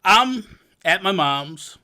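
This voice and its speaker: Young male podcast host; animated storyteller, slightly high voice, mock-grumpy. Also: takes it slowly. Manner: animated storyteller, laughs often, mock exasperation. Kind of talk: casual gaming podcast chat.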